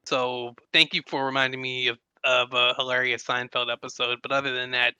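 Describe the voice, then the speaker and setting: A man's voice: medium pitch, flat delivery, brisk, pushed and bright, clear, resonant tone, dry recording. A man co-hosting a casual podcast chat in an easygoing way, offering advice. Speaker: podcast co-host.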